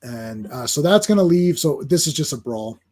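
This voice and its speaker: A man hosting a casual comic book review chat, excitable and rambling as he talks through the pages. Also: a little high, normal speed. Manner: excitable, rambling with fillers and restarts.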